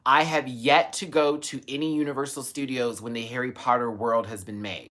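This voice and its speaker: Man, live stream host, casual chat, gushing, animated, bright tense voice. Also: normal speed. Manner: animated, gushing, sudden high squeals. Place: home, in Los Angeles.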